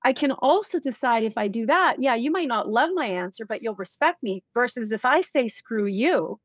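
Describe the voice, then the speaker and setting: Energetic woman, dry close mic. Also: on the high side, fairly quick, no room sound. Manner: energetic, acts out example dialogue. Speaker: guest, leadership expert. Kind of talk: animated interview talk.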